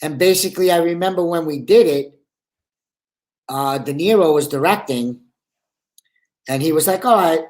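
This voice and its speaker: Talking in a live interview over a video call, this Brooklyn-accented actor and comedian has a slightly high, darkish voice at a moderate pace. He pauses often and rambles talkatively, sprinkling in plenty of "you know" and "like."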